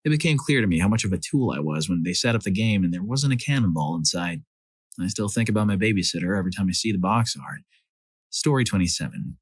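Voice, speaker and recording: A man narrating a series of reader-submitted stories as a scripted storyteller, lively when he voices the quoted lines. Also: deep voice, fast talker, husky, no echo.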